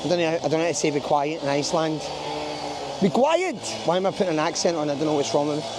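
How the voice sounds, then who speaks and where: A man's voice: a little high, little pitch movement, racing, background noise. A man with a Scottish accent vlogging casually outdoors in a small town, chatty and jokey, rambling as he walks. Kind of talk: casual travel vlog to camera.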